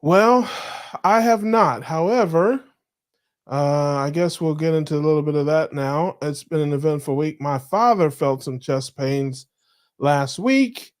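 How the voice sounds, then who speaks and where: A man's voice: a little high, a little slow. A man co-hosting a live diet chat show over a video call, joking, teasing and laughing often. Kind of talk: casual live-stream chat.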